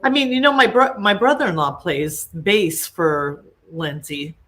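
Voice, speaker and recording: A woman co-hosting an interview, chatting and asking her guest questions in a relaxed way. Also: lowish voice, a little slow, a little hiss or hum. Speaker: co-host. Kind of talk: casual interview chat.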